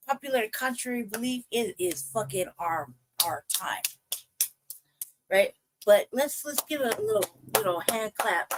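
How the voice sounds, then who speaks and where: Against a noisy background, a woman on a livestream delivers a heated, foul-mouthed, repetitive rant, trying to calm herself in between outbursts. Her pitch sits in the medium range.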